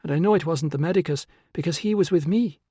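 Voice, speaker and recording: A male narrator voicing a calm, resolute young woman who coaxes a frightened boy, with a gentle, patient manner, in a dry close studio sound. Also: a little high, fast talker, breathy edge, no room sound, pitched above the performer's own voice. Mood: firm. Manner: gentle, coaxing. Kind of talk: audiobook character voice.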